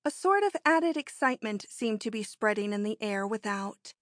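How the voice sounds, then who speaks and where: A woman narrating an audiobook in a measured, even storytelling manner on a close mic. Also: mid-range voice, dry recording. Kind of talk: scripted narration.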